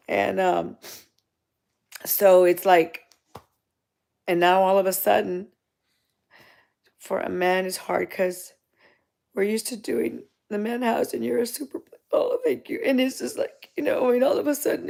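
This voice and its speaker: A middle-aged woman talking to her live-stream viewers in a halting, emotional way, with many restarts and fillers. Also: mid-range voice, vocal fry, a little mellow. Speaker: channel co-host talking to live chat.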